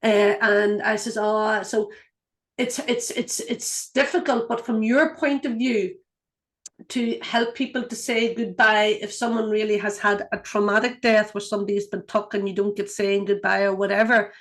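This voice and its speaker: A woman's voice: medium pitch, fairly even intonation, normal speed. A woman speaks as a spiritual guide, telling stories in an earnest, meandering way. She stops and restarts often and reaches for her words as she goes. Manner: earnest, rambling, many restarts and fillers. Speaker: intuitive guide and clairvoyant. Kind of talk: casual spoken teaching, storytelling.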